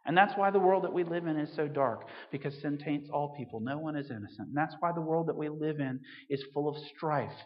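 Earnest vicar preaching. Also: male voice, a little high, fairly quick, few pauses, in a large hall, muffled recording. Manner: earnest, storytelling, rising to emphatic peaks. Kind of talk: sermon.

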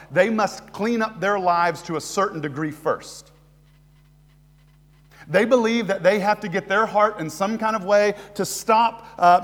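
American man preaching in a reverberant hall. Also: high-pitched. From United States. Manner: swings between hushed, slow emphasis and loud, rising exhortation. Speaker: guest preacher. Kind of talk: sermon. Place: church sanctuary.

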